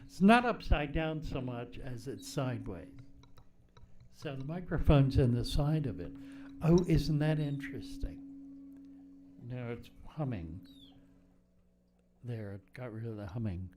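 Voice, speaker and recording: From a home room with fish tanks, this host of a casual fishkeeping livestream works through viewers' questions out loud, fiddling with his desk mic as he goes. His mid-range voice is animated, measured in pace, and broken by frequent pauses.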